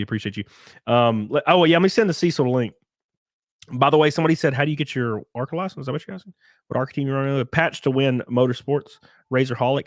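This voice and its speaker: Animated man hosting a livestream. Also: medium pitch, no echo, clean studio sound. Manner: animated, swears, mocks critics in put-on voices. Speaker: livestream host. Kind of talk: casual livestream chat reading super chats.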